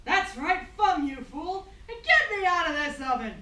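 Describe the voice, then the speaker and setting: A woman's voice: very high voice, big pitch swings, normal speed, very noisy. A woman playing a bossy giant's wife who scolds in a folksy rural way in a stage skit. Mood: scolding. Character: bossy, nagging giant's wife in a hillbilly style. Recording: echoey room from far off.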